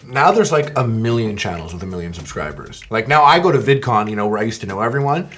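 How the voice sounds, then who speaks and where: A man's voice: fairly low pitch, fast talker. A man from Montreal, a guest telling stories with lots of swearing in a casual interview while eating hot wings. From Montreal, Canada. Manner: profane, animated storyteller.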